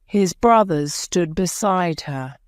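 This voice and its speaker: Woman narrator, graded-reader storytelling, low voice, very slow, careful and clear. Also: animated, no room sound, clean studio sound. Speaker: audiobook narrator.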